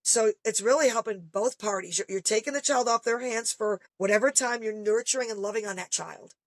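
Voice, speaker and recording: High-pitched woman, middle-aged, animated, casual chat, dry recording. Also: a little fast, no room sound. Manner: animated storyteller, acts out quoted voices. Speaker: guest parent. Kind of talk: casual podcast conversation.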